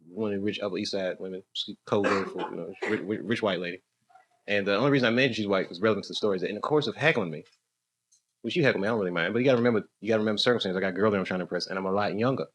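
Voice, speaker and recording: An American comic does rambling stand-up and crowd work inside a dark comedy club, laughing at his own material. He speaks with a fairly low pitch and a fairly bright tone.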